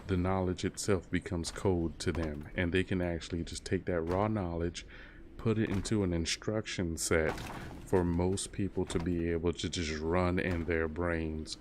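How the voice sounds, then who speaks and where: A man's voice: sits low, a little hiss or hum. A man in his thirties chatting casually while gaming on a stream, rambling and laid-back. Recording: keyboard clicks and typing behind.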